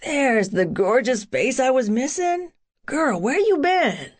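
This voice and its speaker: A woman doing a loud, playful giant football jock. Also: sits high, big pitch swings, slow pace, voice pushed up, exaggerated voice.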